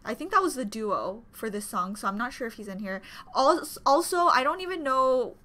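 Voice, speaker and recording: A woman hosting a casual reaction video, gushing excitedly with gasps and squeals. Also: a little high, moderate pace. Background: faint music from the video being watched.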